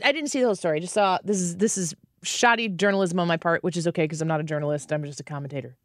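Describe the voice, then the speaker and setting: A woman hosting a talk show, reading news stories aloud and giving animated, opinionated commentary. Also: lowish voice, racing, hardly any pauses, dry recording, studio quality. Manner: animated, reads news aloud and acts out quotes. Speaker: radio show host.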